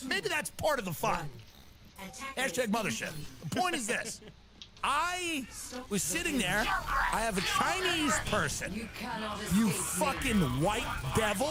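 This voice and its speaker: A man, a stand-up comedian, telling a story as a profane comic rant and acting out other people's lines. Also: extremely high pitch. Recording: loud music behind the voice.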